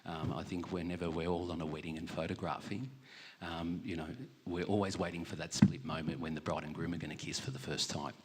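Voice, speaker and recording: Australian male judge, very low husky voice, measured critique, hall reverb. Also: level tone, a little mellow. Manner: measured, with fillers. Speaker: photography judge. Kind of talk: panel critique.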